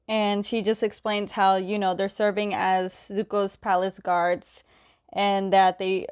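A woman casually retelling the scenes of a comic, quoting the characters' lines with fillers and quick self-corrections. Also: medium pitch, a little mellow. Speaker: comic recap host. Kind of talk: casual story recap.

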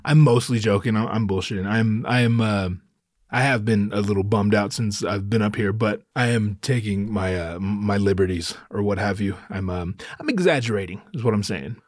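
Hosting his podcast alone, a man with a fairly low voice speaks at a moderate pace, slightly out of breath. The studio-quality recording is dry, and his casual monologue rambles profanely with darkly self-mocking jokes.

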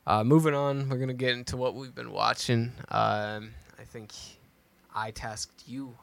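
A man's voice: medium pitch, fairly even intonation, unhurried, creaky, no echo. A man co-hosting a podcast, chatting casually and thinking aloud as he goes, with many restarts. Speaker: podcast co-host. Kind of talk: casual chat.

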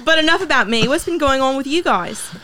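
A woman's voice: high voice, lively intonation, fairly quick, sharp tone, no echo. A woman reading a young woman's part in a comedy skit, putting on a clumsy Australian accent and giggling. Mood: teasing. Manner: giggly, breaking into laughs. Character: young woman Lucy catching up at a pub.

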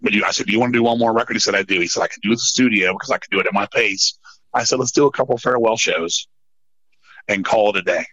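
A middle-aged man telling stories in a casual podcast chat, swearing often and rambling in an animated way. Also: lowish voice, racing, dry recording, lo-fi sound. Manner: profane, animated, rambling storyteller. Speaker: podcast guest, metal musician.

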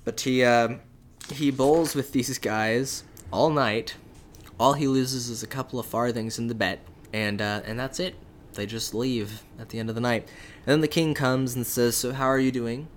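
A young man casually retelling a fairy tale as a podcast co-host, with relaxed, jokey asides and frequent fillers. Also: medium pitch, moderate pace, slight background noise.

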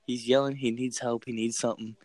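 A young man excitedly telling a scary story in a casual chat, swearing and repeating himself. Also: mid-range voice, fairly quick, no echo, low-quality recording. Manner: excited, profane, repeats phrases.

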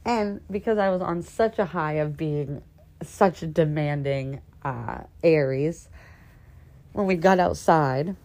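A woman in her thirties with a low voice tells a story with sass and relish, swinging into animated bursts as she calls her listeners "honey." The sound is dry and close, with no room around her. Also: slow pace, long pauses, dry recording. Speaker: podcast host. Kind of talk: casual storytelling monologue.

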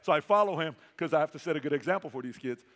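A man's voice: fairly high pitch, expressive, racing, fairly bright tone. A man giving a motivational stage talk to a sales audience, telling stories animatedly and acting out the people in them. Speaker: sales trainer speaking to an audience. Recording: reverberant hall.

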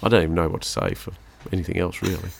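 A man's voice: low-pitched, very animated, rapid-fire, creaky, breathy edge. A middle-aged Australian man, co-hosting a podcast, chatting casually and rambling through stories with his son. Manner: rambling, chatty storyteller with laughs. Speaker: podcast co-host and father. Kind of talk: casual chat.

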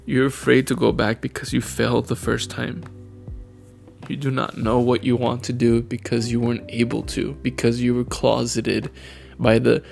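A young man in his twenties talks slowly and tearfully to his younger self, his gravelly voice full of long pauses. Faint music plays softly behind him. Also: mid-range voice. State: crying. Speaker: vlogger.

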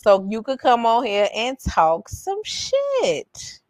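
A woman's voice: a little high, wildly swooping pitch, slow pace, dry recording, studio quality. A woman co-hosting a podcast in casual chat, swearing, teasing and laughing often. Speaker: podcast co-host.

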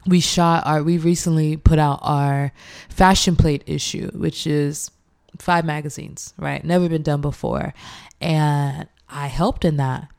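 Young woman, low gravelly voice, lively storytelling, laughs a lot. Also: unhurried. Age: young adult. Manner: animated, laughs often, acts out quoted speech. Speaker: chef and interview guest. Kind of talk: casual interview storytelling.

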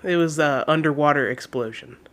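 A young man co-hosting a casual podcast, chatty, relaxed and quick to laugh. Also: fairly high pitch. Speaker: podcast co-host.

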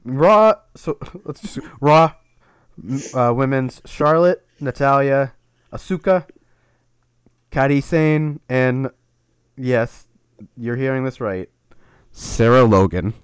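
A man's voice: mid-range voice, animated, takes it slowly, pauses often, clear, resonant tone, dry recording. A man co-hosting a podcast, wry and teasing, running through rosters in casual wrestling chat. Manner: wry, teasing, lists facts. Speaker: podcast co-host.

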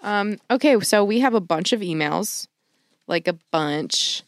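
A woman's voice: mid-range voice, lively intonation, a little slow, no echo, clean studio sound. A woman co-hosting a podcast in casual chat, laughing often and swearing casually. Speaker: podcast co-host.

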